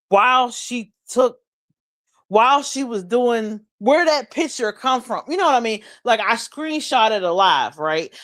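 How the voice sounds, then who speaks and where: Woman livestreamer, unhurried and mid-pitched, loose chatty storytelling with laughs and cursing. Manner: rambling storytelling with frequent laughs and swearing. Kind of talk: casual livestream chat.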